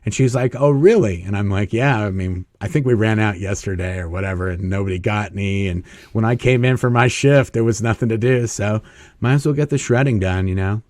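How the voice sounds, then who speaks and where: A man's voice: on the low side, fairly quick, dry recording. Man, interview guest, casual anecdotes, chuckles, acts out quotes; dry close sound. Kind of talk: casual storytelling.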